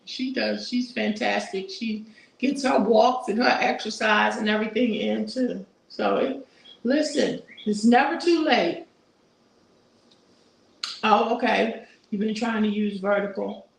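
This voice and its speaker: Chatty woman in her sixties, gravelly. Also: fairly high pitch, measured pace, echoey room, slight background noise, low-quality recording. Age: 60s. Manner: chatty, warm churchy asides, reads viewer comments aloud. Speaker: YouTube host reading live chat. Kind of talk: casual live-stream chat.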